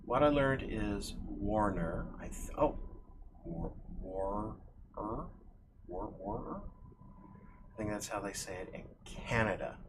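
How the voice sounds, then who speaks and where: A man's voice: lowish voice, animated, moderate pace, few pauses, background noise. A man livestreaming while he draws, chatting in a rambling, self-deprecating way. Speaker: livestreaming digital artist. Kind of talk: casual chat while drawing.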